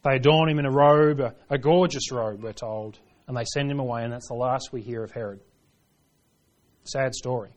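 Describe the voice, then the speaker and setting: A man preaching a sermon, reading scripture aloud and driving points home, swinging between hushed lines and forceful ones. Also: mid-range voice, moderate pace. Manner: reads scripture aloud in King James wording.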